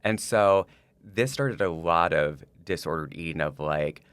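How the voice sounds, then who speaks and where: A man's voice: sits low, unhurried, a bit bright, smooth, no room sound. A man on a podcast, telling a personal story in casual chat, rambling with lots of likes and restarts. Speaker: podcast co-host.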